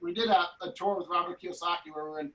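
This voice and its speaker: A woman guest on a talk show, speaking in a quick, offhand way. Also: fairly low pitch, fairly even intonation. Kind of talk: casual chat. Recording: distant off-mic voice, faint noise.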